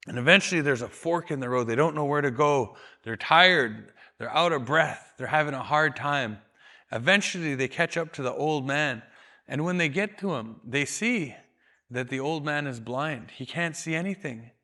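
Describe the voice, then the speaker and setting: A man from Canada tells a traditional story in a calm, measured voice. He sits a little higher than most men and slows down on key moments. His delivery is steady and unhurried. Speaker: storyteller and educator. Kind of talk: oral storytelling.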